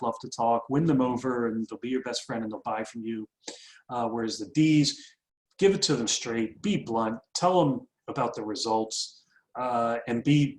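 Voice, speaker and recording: A man giving a business coaching webinar, talking in a loose, conversational way and often restarting his sentences. His voice sits at an ordinary middle pitch and carries a noticeable echo from the room around him. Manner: conversational, with frequent fillers and self-corrections. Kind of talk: recorded webinar presentation.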